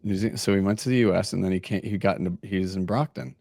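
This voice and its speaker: A man's voice: low-pitched, racing, gravelly, no room sound. A man hosting an interview, joking around and laughing often as he asks questions. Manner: jokey, animated, laughs often. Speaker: interviewer, host. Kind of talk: casual interview chat.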